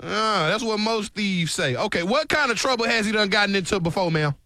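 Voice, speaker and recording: A man's voice: sits high, expressive, fairly quick, noisy background. A man playing a stern police officer on a prank call, drawling and repeating "ma'am" as he questions a mother. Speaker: radio prank-call co-host. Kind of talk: prank call role-play.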